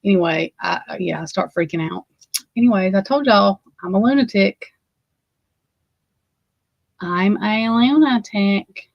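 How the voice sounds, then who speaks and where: A woman's voice: medium pitch, lively intonation, moderate pace, creaky, slightly rough, dry recording, muffled recording. A woman with an Alabama accent hosting a casual chat, rambling and swearing freely. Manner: rambling and profane, with frequent swearing. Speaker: host.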